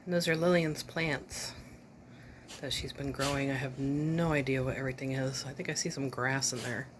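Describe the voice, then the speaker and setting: Low-voiced woman filming her pets. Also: fairly even intonation, moderate pace, slight background noise. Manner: chatty, talks to her dog in a soothing pet voice. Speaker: pet owner filming her dog and cat. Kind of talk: casual home video narration. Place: home on a rainy day.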